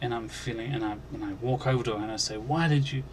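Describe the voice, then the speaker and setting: A man hosting a Christian channel, earnestly recounting a dream as personal testimony, halting and restarting, and growing emphatic on key points. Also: fairly low pitch, flat delivery, slight background noise. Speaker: Christian video channel host.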